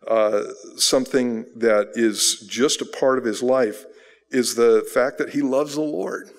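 A man preaching a sermon as pastor, telling a story in a lively, animated way and acting out the people in it. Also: mid-range voice. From United States. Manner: animated storyteller, acts out quoted people, chuckles. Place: church sanctuary. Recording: long hall reverb.

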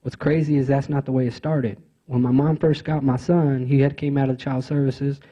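A man tells his own story to a conference audience, earnest and halting, circling back with fillers and restarts. His voice is husky and mellow at an average pitch. The recording is muffled and lo-fi. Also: little pitch movement. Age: adult father of teenage sons. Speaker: conference speaker. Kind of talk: personal storytelling speech.

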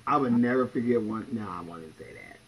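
A man's voice: lowish voice, lively intonation, fast talker, lo-fi sound, a little hiss or hum. A man in drag livestreaming from home, telling stories with a blunt, profane, sassy manner. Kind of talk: casual livestream storytelling.

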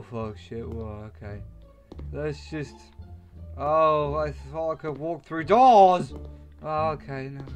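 Young male gamer, high pitch, loose unhurried delivery with frequent outbursts and curses, light music behind. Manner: swearing, exclaiming, rambling with frequent outbursts. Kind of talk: let's play commentary.

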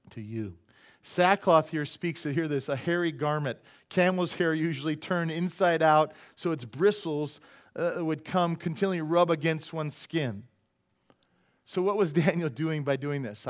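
A middle-aged pastor preaches in a loose, conversational way, cracking jokes and checking in with the congregation. His voice sits a little higher than most men's. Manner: conversational, joking, asks the congregation questions. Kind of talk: sermon.

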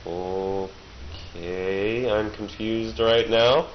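A let's-play gamer with a lowish voice talks very slowly, rambling and joking playfully as he plays a video game. The recording is muffled, with game sounds behind him.

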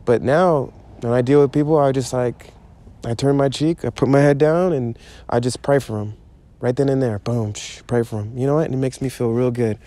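Man, preacher, casual sermon, emphatic, repeats his points, mellow dark voice. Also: medium pitch. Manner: conversational, emphatic and repetitive. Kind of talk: informal sermon.

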